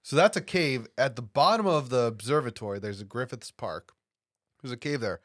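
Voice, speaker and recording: Man, mid-pitched voice, casual podcast chat, dry close recording. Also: moderate pace, dry recording. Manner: relaxed, explains film references. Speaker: podcast co-host. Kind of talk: casual film discussion.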